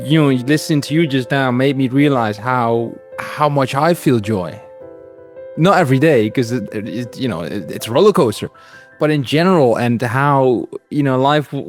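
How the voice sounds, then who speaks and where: A man's voice: medium pitch, darkish tone. A man hosting an interview as an anxiety coach, talking casually and often stammering and repeating words.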